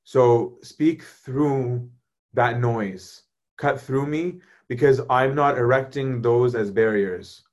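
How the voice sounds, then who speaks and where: A man, a priest, talking casually about faith and answering viewers' questions in a conversational, animated way. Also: medium pitch, slow. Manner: conversational, animated, often asks "right?".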